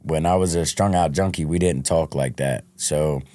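Interviewed on a podcast, this man recounts his life in a frank, casual manner, frequently repeating the starts of words. His very deep voice is warm and moves at normal speed, in a dry recording.

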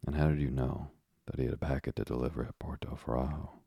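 A man reading the part of a kindly, fatherly middle-aged ship owner in a calm storybook voice. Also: a bass voice, fast talker, gravelly, slightly rough, dry recording, studio quality, heavily acted. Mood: questioning.

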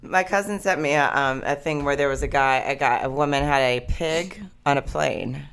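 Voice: mid-range voice, moderate pace, creaky, fairly bright tone, clean tone. A co-host in a casual comedy chat, talking in a chatty way with many hedges. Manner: chatty, hedging with "I feel like".

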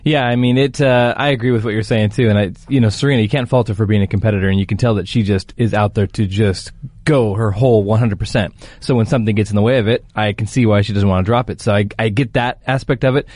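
A man's voice: fairly low pitch, steady tone, quick pace, darkish tone, no room sound. A man co-hosting a sports talk show, chatting casually and agreeably.

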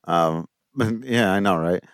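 A lower-voiced man co-hosting a podcast, chatting loosely and tossing in wry jokes. He works from his notes, and the recording is dry and close-miked. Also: slow, dry recording. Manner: joking, wry asides, reads from notes. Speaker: podcast co-host. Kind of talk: casual chat.

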